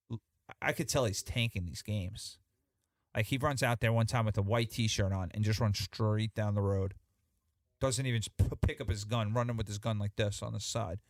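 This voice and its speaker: A man telling a story as a podcast guest in casual chat, animated and profane, with many restarts. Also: fairly low pitch, dry recording, studio quality.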